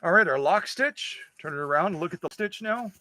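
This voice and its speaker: Chatty man with a high, bright voice. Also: animated, normal speed, no echo. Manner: chatty, joking, talks to himself while working. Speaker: host of a sewing machine channel. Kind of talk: casual workshop demonstration. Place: home sewing workshop.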